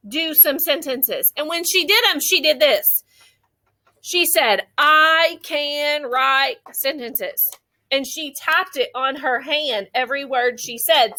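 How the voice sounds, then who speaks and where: A young woman teaching a classroom phonics lesson, slowly modeling sentences and praising the children. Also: sits high, bright, forceful tone. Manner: slow, drawn-out modeling of sentences, encouraging.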